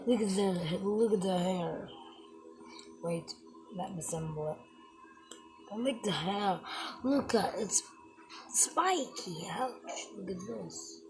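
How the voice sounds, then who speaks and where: Female toy unboxer, slow and playful, talks to her figures, non-native phrasing, noisy home recording. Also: mid-range voice. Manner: playful, chats to the toy figures and apologizes to them. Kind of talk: casual unboxing commentary.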